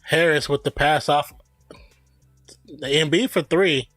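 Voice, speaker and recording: Excitable fan calling the game. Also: male voice, a little high, slow, no echo, faint music behind. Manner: opinionated and jokey, laughs at his own remarks. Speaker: streamer giving play-by-play at a live watch party. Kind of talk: casual fan play-by-play commentary.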